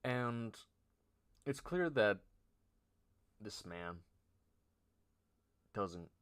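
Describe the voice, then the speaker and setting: A man streamer improvising a story aloud, halting and nervous, often trailing off and poking fun at himself. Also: lowish voice, expressive, fairly bright tone, clean tone. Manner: halting, nervous, self-deprecating.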